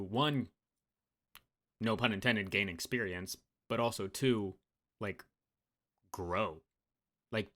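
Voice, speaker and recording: A man's voice: lowish voice, a bit bright. A man in his twenties co-hosting a podcast, laid-back and agreeing often in casual chat. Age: 20s. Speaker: podcast co-host.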